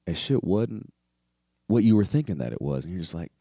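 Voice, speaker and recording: A man hosting a podcast rambles through a casual comedic monologue, animated, profane and full of filler words. His low, gravelly voice is brisk, captured in a dry, clean studio recording.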